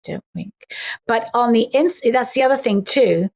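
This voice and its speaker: A middle-aged actress, a woman, chatting as an interview guest and telling animated stories full of acted-out lines. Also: fairly high pitch, moderate pace. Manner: animated storyteller who acts out voices in quotes. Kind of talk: casual interview chat.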